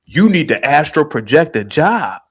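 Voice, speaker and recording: A man hosting a livestream, in the middle of a heated rant. His voice swings widely in pitch as he taunts and calls out a caller. He sits a little above the usual male pitch. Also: very animated, normal speed, slightly rough. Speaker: livestream host.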